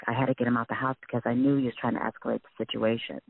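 A man telling a frightening personal story in a halting, shaken way, with many restarts. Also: medium pitch, flat delivery, vocal fry, no echo. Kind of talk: emotional personal testimony. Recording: tinny phone-line recording.

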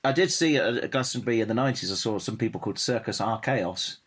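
A man chatting casually on a podcast, telling stories in a halting, rambling way with many restarts. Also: lowish voice, noisy background. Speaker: podcast co-host. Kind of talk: casual chat.

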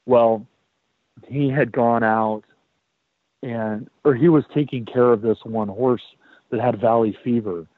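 A man tells a story in a casual, animated way, often doubling up his words. His voice sits in a middle range. The sound is dry and narrow, like a phone line. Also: mid-range voice, a little slow, long pauses, dry recording. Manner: animated, repeats words, swears. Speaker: podcast host.

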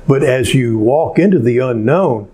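A male pastor preaching a sermon, telling stories in an unhurried way with many pauses. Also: mid-range voice, expressive, dark tone.

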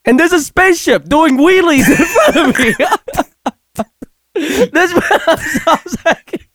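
A man with a high, bouncing voice tells a long story in a casual chat. He swears freely and keeps breaking into laughter. The sound is dry and close. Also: lively intonation, slow, a bit bright, no echo. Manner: profane, laughs through his story. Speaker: storyteller recounting a game session.

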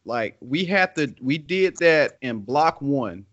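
Here a man co-hosts a laid-back chat, his talk loose and meandering, thick with slang and filler words. He speaks slowly in a mid-range voice that's expressive and a touch bright, captured in dull, lo-fi sound.

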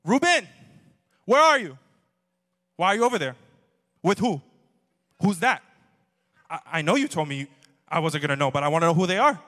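A woman's voice: fairly low pitch, big pitch swings, fairly bright tone, voice pushed up. A man mimicking his mother as she fires off nagging questions on the phone, in a church hall. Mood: interrogating. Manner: rapid-fire nagging questions. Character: shrill interrogating mother on the phone.

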